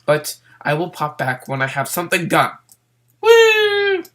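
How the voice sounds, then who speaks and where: A man's voice: on the high side, steady tone, normal speed, bright, forceful tone. A man giving casual let's-play commentary while he plays, rambling in a hyper, silly way. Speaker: gameplay commentator.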